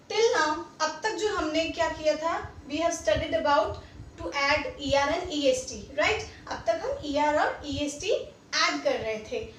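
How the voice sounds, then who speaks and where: Young female teacher with an Indian English accent and a high voice, repetitive and checking in with students, heard from a distance in an echoey room. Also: fairly bright tone. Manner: repeats examples and checks understanding. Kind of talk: classroom grammar lesson. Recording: echoey room, distant mic, faint noise.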